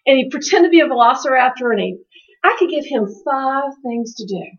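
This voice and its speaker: A woman co-hosting a parenting talk show, telling animated stories about her children. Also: sits high, a little fast. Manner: animated storytelling, acting out family quotes. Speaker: co-host, parent speaker. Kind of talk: conversational podcast talk. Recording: dull lo-fi sound.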